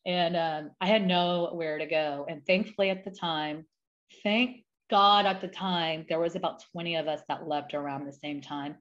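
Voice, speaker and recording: Young woman guest, earnest and emphatic storyteller, lowish voice, muffled lo-fi recording. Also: steady tone, moderate pace. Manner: earnest and emphatic, restarts often. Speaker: guest sharing her story. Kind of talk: emotional personal storytelling.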